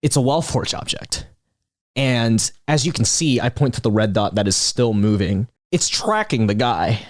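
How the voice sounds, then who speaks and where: A man's voice: mid-range voice, expressive, moderate pace, no room sound. Man, tabletop player, reassuring, rambling, dry close sound. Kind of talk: in-character tabletop play.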